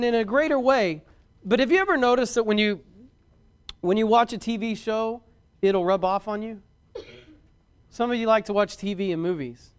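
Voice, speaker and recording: A man preaching a sermon as a pastor, folksy and rising louder on key points. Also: sits high, clear, resonant tone.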